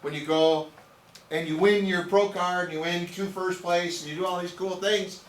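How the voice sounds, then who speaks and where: A man's voice: high voice, fairly even intonation, normal speed. A man giving a nutrition training to a small group, emphatic and repetitive, often checking in with "okay?". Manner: emphatic, repeats words and asks "okay?". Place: room with an audience. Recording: echoey room, distant mic, faint noise.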